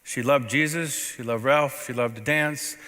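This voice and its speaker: A male pastor delivers a story-driven sermon in a bright, forceful voice. He preaches conversationally, swinging from loud outbursts to near-hushed asides. His voice rings out with the long reverb of a church sanctuary. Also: medium pitch, measured pace.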